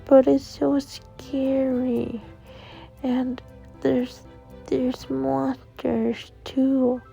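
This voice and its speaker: A woman's voice: sits high, little pitch movement, drawn-out words, creaky, warm tone, highs cut off, faint music behind, pitched above the performer's own voice, full character voice. A woman voicing a scared four-year-old boy who whimpers and pleads. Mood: frightened.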